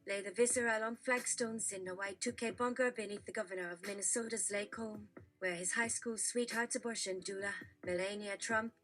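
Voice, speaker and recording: Woman reading off jokes, bright forceful voice, faint music under it. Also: mid-range voice. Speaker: joke reader.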